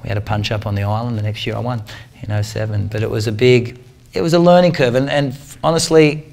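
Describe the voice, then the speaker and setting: A man in his forties giving a talk to a club, telling a story in a lively, slangy way and acting out what people said. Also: mid-range voice, fast talker, gravelly. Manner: animated, slangy storyteller who acts out the people in his stories. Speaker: guest speaker, triathlete.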